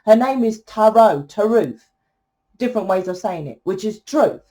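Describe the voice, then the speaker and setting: A woman's voice: medium pitch, expressive, a little fast, warm tone. A woman giving a tarot reading in a fiery, blunt monologue, swearing freely and asking "right?" often. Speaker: tarot reader.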